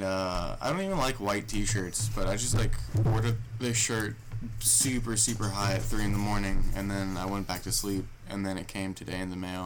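A man's voice: lowish voice, background noise. A young man chatting casually as a podcast co-host, rambling and swearing often.

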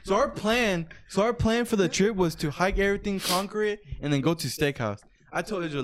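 A man in his twenties telling a story in casual chat, animated, swearing a lot and saying "bro" often. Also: high-pitched, fairly quick, few pauses. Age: 20s.

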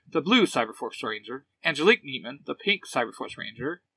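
A man's voice: mid-range voice, sing-song, a little fast, creaky, pushed and bright, breathy edge, exaggerated voice. A man voicing a polite young female ranger making formal introductions.

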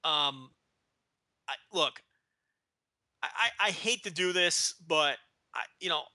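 A man's voice: a little high, slow pace, pushed and bright, dry recording. A man from Texas co-hosting a wrestling podcast, joking and teasing in casual rambling chat. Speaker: podcast co-host.

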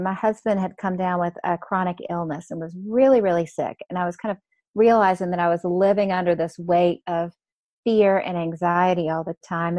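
A woman with a Southern drawl talks as a podcast guest, chatty and warm as she tells her story. Her voice is mid-pitched and sounds dry and close to the mic, with no room around it. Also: no room sound. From American South. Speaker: author and guest. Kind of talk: podcast interview.

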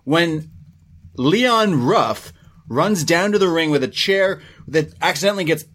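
A man co-hosting a podcast, recapping events in a relaxed, rambling play-by-play with plenty of fillers. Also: on the high side, a little slow. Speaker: podcast co-host. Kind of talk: casual recap chat.

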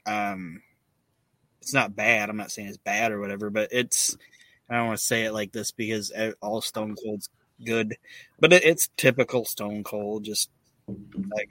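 Podcast host, male, bright tone on a dry mic, loose and profane, lots of ums. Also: on the low side, fairly even intonation, unhurried, no room sound. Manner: profane, filler-heavy retelling. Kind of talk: casual recap chat.

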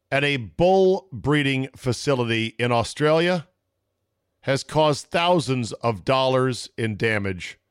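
A man's voice: medium pitch, clean tone, no room sound, clean studio sound. A man hosting a casual sports talk podcast, brash and joking as he riffs on stories. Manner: brash, joking, quick storytelling. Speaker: podcast host.

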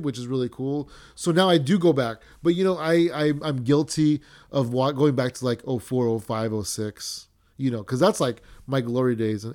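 A man's voice: medium pitch, darkish tone. A young man hosting a wrestling podcast, ranting casually with lots of swearing, fillers and restarts.

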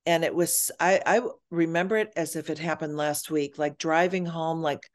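A woman's voice: sits low, steady tone, normal speed. A woman guest on an interview podcast who speaks earnestly and reassuringly about motherhood and mental health. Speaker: guest, perinatal mood expert.

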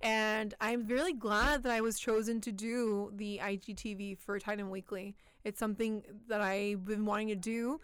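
As an interview guest in a casual chat, a young student news anchor with a Spanish accent speaks in a smooth, mid-range voice at a moderate pace with few pauses. The sound has no room ambience; she is lively and talkative, acting out her own past words.

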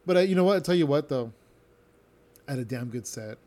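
A man's voice: mid-range voice, animated, quick pace, a little mellow. A young adult man, a stand-up comedian, talking casually and rambling on a solo podcast, who tends to slur his words and swears freely.

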